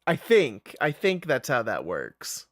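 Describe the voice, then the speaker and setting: A man's voice: medium pitch, huge pitch swings, slow, dry recording, studio quality. A man giving casual live-stream commentary while playing a game, rambling, interrupting himself and laughing often.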